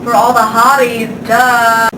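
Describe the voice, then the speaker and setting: A smug male TV pundit, middle-aged and deadpan, rambling in a pompous way, as a woman puts him on with a fairly high voice. The voice sounds echoey, taken from across a room. Steady noise sits under it. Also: takes it slowly. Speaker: student playing an interview guest. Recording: echoey room from far off, noisy.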